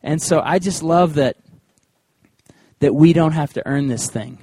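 A man preaching a sermon in a conversational, animated way, weaving in personal stories. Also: on the high side, a little slow, slightly rough, dry recording. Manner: conversational and animated, with acted-out quotes. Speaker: pastor.

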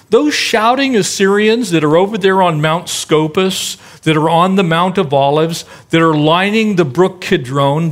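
A middle-aged male pastor preaching a sermon in a conversational way, acting out the voices in the stories he tells. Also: fairly high pitch.

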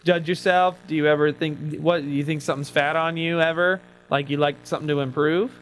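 A man's voice: fairly high pitch, fairly even intonation, fairly quick, a little hiss or hum, poor audio. A man hosting a casual comedy podcast, joking and laughing often as he talks. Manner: giggly, jokey, laughs a lot. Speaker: podcast host.

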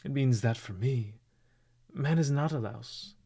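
A man's voice: mid-range voice, unhurried, vocal fry, dark tone, slightly rough, no room sound, pitched above the performer's own voice. A man voicing a feverish, brooding young man confessing, intense and sometimes sinking into unvoiced whispers.

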